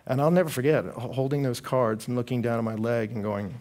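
A man, preaching a sermon to a live audience and telling stories animatedly, acting out the voices of the people in them. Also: brisk. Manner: animated storytelling, acting out quoted voices with big pitch jumps.

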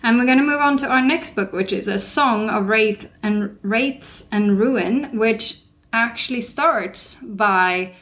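A woman co-hosting a relaxed book podcast, talking in a chatty, easygoing way. She laughs easily and drops quick asides as she discusses what she read. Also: a little high. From lived in England for some years, learned English there. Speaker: podcast co-host. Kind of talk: casual book chat.

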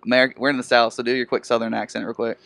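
A man's voice: mid-range voice, little pitch movement, rapid-fire, vocal fry, fairly bright tone, dry recording. A man interviewing a musician, asking casual questions in an upbeat way and laughing along.

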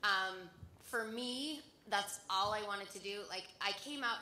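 A woman's voice: medium pitch, unhurried, sharp tone, a little hiss or hum. Female voice actress from Michigan, chatty panelist, echoey hall. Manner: chatty, earnest. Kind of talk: convention panel chat.

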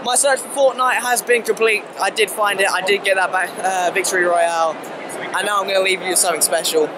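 A man vlogging in casual chat, excitable and joking, recorded on a camera mic at a busy convention. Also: high voice, quick pace, background noise.

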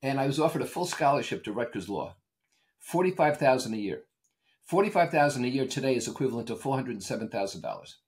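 A man's voice: medium pitch, quick pace. An older man in an interview, a consultant and author answering questions in an emphatic, opinionated way and telling stories. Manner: animated storyteller, emphatic and opinionated.

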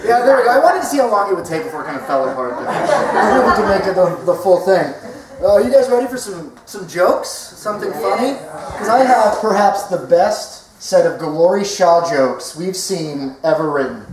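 A man's voice: sits high, animated, moderate pace. A young man doing a chatty, self-deprecating stand-up comedy set for a live audience. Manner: self-deprecating, chatty, leads the crowd in chants. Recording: echoey hall, crowd noise.

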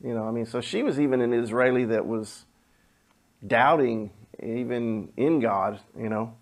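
A middle-aged man preaches in a loose, storytelling way, his voice carrying a gravelly edge. He sits at an ordinary middle pitch and often sinks to a hushed, quiet tone as he speaks. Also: moderate pace. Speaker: pastor. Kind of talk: sermon with personal story.

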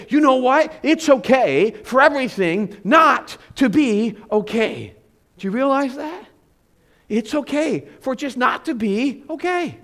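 A middle-aged man preaching from the pulpit with a high, light voice. He talks to his congregation in an easy, conversational way, tells stories and keeps asking rhetorical questions. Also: lively intonation, a little slow, a bit bright. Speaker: pastor. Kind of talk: sermon. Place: church sanctuary.

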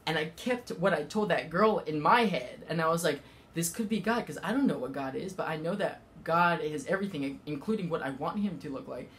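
A man giving a casual spiritual talk, rambling with many fillers and halting restarts. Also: fairly high pitch, animated, a bit bright, a little hiss or hum. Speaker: spiritual vlogger.

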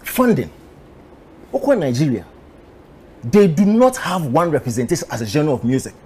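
A man's voice: fairly high pitch, very animated, normal speed, darkish tone, slightly rough. A Ghanaian man in a heated argument, lecturing and listing his points. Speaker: music critic.

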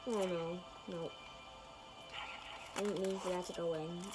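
A woman's voice: fairly low pitch, steady tone, a little slow, over music, poor audio. A woman giving casual gameplay commentary, rambling to her viewers with lots of fillers and murmuring to herself as she builds. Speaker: gaming channel host.

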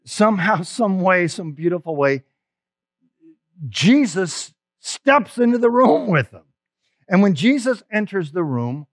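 A pastor gives an Easter sermon, sharing personal stories in a conversational, emphatic style that stumbles and restarts. His voice sits high for a man, and the recording is dry and close with almost no room sound.

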